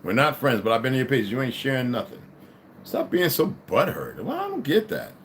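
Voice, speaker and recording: A man hosting a casual livestream, reading aloud and commenting in a rambling way, dropping to mutters and rising to loud outbursts. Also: mid-range voice, huge pitch swings, fairly quick, slight background noise.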